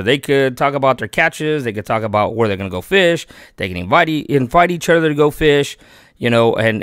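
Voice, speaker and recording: Excitable fishing vlogger man, dry sound. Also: mid-range voice, dry recording. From Texas. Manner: chatty and excitable, talks himself out of keeping the gear. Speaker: fishing channel host. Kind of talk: casual giveaway vlog talk.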